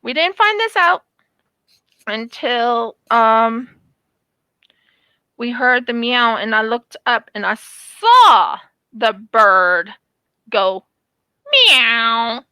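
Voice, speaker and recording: A woman's voice: fairly high pitch, drawn-out words, pauses often, clear, resonant tone, dry recording. A woman vlogger chatting casually about childhood memories while she crafts, acting out quotes as she goes. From United States. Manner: animated, acts out quotes in her storytelling.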